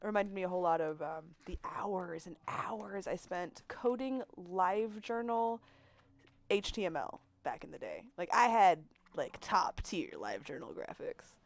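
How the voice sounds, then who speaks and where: A woman's voice: lowish voice, very animated, a little slow, vocal fry. A young adult woman streaming a game at home, chatting in a rambling, giggly way with lots of fillers, on a desk microphone. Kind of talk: casual game-stream chat.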